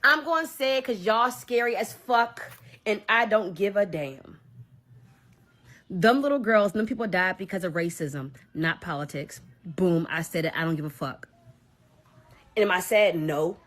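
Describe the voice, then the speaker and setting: A woman's voice: mid-range voice, animated, moderate pace, a bit bright. Defiant, profane woman ranting. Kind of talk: confrontational rant.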